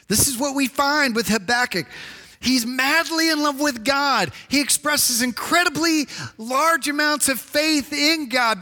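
A man preaching with a high, bright voice that rings out into a long hall reverb. He is animated and acts out the voices of the people he quotes. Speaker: pastor. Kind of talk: sermon.

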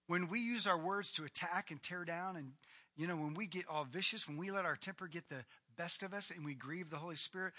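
Bright-voiced animated male pastor preaching. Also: on the high side. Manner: animated, rising to loud emphatic bursts. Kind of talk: sermon.

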